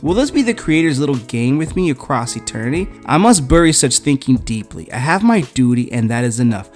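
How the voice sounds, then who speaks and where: A proud female angel general, done by a man speaks in a formal, solemn, declaiming manner. The pitch moves in a lively way, with faint music behind. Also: fairly quick, natural voice. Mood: solemn resolve.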